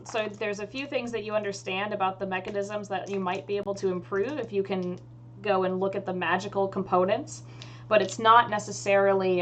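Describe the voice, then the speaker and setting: A woman's voice: mid-range voice, a little hiss or hum. A woman running a tabletop game as dungeon master, describing scenes in a casual, rambling way.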